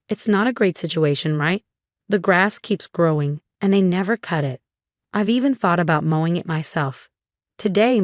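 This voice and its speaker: A woman reading a first-person story as narrator, in an even, measured way. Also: lowish voice, dry recording, clean studio sound.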